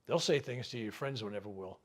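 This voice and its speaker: A reverend leading a healing workshop, talking in a folksy, conversational way. He jokes, asks rhetorical questions and acts out what people might say. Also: on the low side. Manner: acts out people's words in quick asides. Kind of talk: spiritual teaching talk to a live group.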